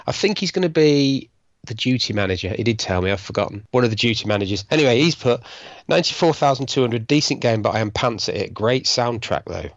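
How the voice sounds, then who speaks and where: A man's voice: medium pitch, expressive, quick pace, no echo. A man with an easygoing, self-deprecating way of talking reads out listener scores on a casual podcast. His voice comes through dry, with a slightly muffled, dull sound, as if no room is around him at all. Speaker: podcast co-host.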